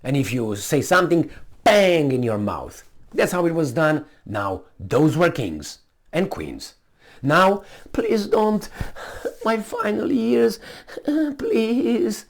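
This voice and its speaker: A man's voice: mid-range voice, very animated, a little slow. A man giving indignant, mocking opinion commentary as a vlogger.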